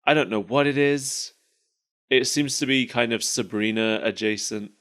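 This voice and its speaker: A man's voice: mid-range voice, moderate pace, a bit bright. A man co-hosting a podcast in casual chat, rambling and laughing often at his own jokes. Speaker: podcast co-host.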